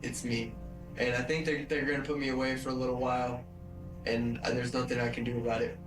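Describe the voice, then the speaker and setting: Stammering young man, flat and distant. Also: medium pitch, a little fast. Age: young adult. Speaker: murder suspect. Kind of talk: police interview recording. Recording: roomy distant recording with music.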